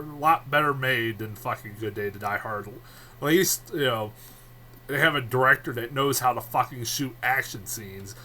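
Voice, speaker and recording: A man with a bright, forceful voice reviews a film in a loose, off-the-cuff way. He swears freely, rambles, and laughs often. Faint noise sits behind him. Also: medium pitch.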